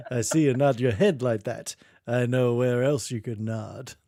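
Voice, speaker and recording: A man's voice: medium pitch, takes it slowly, dark tone, no echo, clean studio sound. A man voicing a sleazy, smarmy flirting male creature with cheesy pick-up lines.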